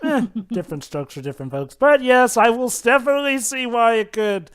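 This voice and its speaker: A man's voice: very high-pitched, expressive, fairly quick, a bit bright, clean tone. A man chatting in a casual group movie commentary, full of mock-thoughtful asides. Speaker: commentary co-host.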